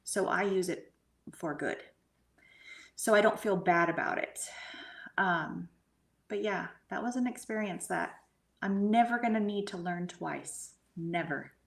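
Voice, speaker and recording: A middle-aged woman speaking as a guest medium, telling a personal experience earnestly and often dropping into soft, breathy asides. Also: medium pitch, measured pace. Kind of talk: casual storytelling conversation.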